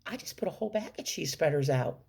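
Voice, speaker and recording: A woman quoting a vague little old lady at a thrift store, offhand and unbothered. The voice is low and a bit husky, like the teller's own. It swings up and down as she speaks. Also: big pitch swings, fast talker, a little mellow, full character voice.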